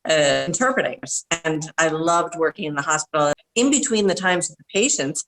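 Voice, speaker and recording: A woman with a fairly low voice answers interview questions over a video call. She rambles through chatty anecdotes, acting out little quoted asides as she goes. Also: expressive, normal speed, fairly bright tone, rough recording. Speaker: guest, voiceover artist. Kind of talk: casual storytelling interview.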